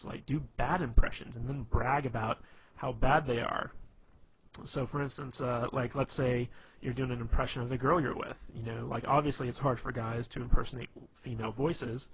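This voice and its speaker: Rambling man on a tinny line. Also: medium pitch. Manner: rambling, loose, full of "you know" and restarts. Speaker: dating advice vlogger. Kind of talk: casual advice monologue. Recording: tinny phone-like sound with faint hiss.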